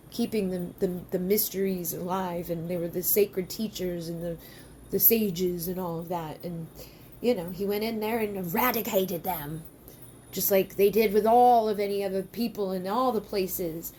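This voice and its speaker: A woman leading a live ritual as a tarot reader, chanting slow rhythmic invocations and then ranting casually with lots of swearing. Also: mid-range voice, steady tone, warm tone, a little hiss or hum.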